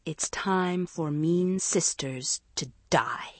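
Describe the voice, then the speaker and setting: A woman voicing an eerily calm, menacing teenage girl in an audiobook, speaking softly and sinisterly. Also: lowish voice, a little slow, no echo. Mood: calm menace. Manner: soft, sinister, sometimes whispered. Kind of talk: audiobook character reading.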